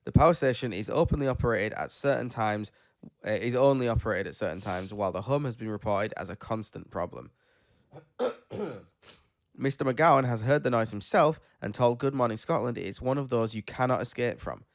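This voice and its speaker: A man's voice: mid-range voice, fairly quick, no echo, clean studio sound. A man, tired after being ill, chatting on a podcast and reading news stories aloud, rambling and tripping over names. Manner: rambling, self-deprecating, stumbles over names. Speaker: podcast host.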